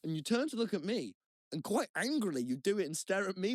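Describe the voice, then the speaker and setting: Co-host, lively teasing storyteller, close dry sound. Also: mid-range voice, quick pace, no echo. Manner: teasing, laughing while telling a story. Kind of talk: casual chat, storytelling.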